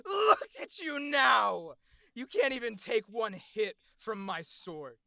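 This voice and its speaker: A voice actor playing a cruel, gloating sword-wielding villain who taunts with shouts and maniacal laughter, in an audition clip. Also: medium pitch, huge pitch swings, slow, creaky, no room sound, full character voice. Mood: cruel taunting.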